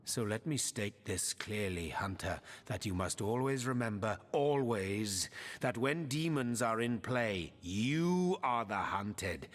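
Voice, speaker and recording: A man's voice: mid-range voice, fairly bright tone, big-room sound. An actor voicing a stern male demon hunter who lectures in a formal, preaching way, in video game dialogue.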